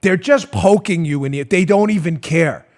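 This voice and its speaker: A male talk show host ranting about politics with animated sarcasm, often laughing mid-rant. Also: fairly high pitch, normal speed.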